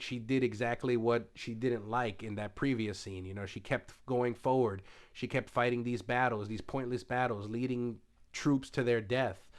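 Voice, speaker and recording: A man giving a casual spoiler review, retelling scenes loosely with lots of fillers and now and then dropping into a hushed paraphrase of the characters. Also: medium pitch, smooth. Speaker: TV show reviewer.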